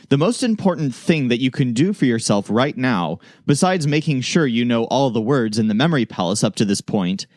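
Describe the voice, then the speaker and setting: A man at an ordinary pitch narrates a scripted lesson in a measured, steady way. He slows down to model example phrases. The sound is dry and close, with no room around him. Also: dry recording. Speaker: language teacher.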